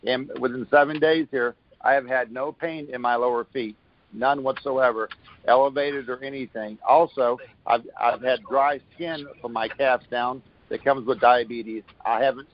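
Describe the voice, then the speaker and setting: A man talks through a long, upbeat testimonial, rambling and restarting as he goes. His pitch sits right in the middle of the range. The call comes through muffled and lo-fi. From Florida. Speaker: caller giving a product testimonial. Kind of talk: casual phone call testimony.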